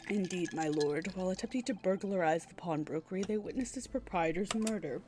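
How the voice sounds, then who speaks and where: A woman voicing a composed male prosecutor, measured and precise. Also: lowish voice, a little mellow, slight background noise, lightly acted.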